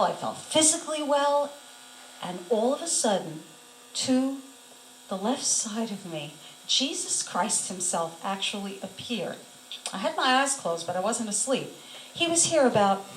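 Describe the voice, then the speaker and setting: A woman's voice: fairly high pitch, a little hiss or hum. Woman, testimony, emotional and earnest, quotes her own thoughts; echoey room. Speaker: songwriter and singer. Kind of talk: personal testimony told to camera. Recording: roomy echo with faint ambience.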